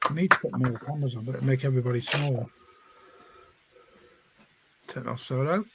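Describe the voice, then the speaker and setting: A man giving halting, casual commentary while he runs a model railway layout. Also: mid-range voice, fairly even intonation, creaky, background noise. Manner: halting, talks while working.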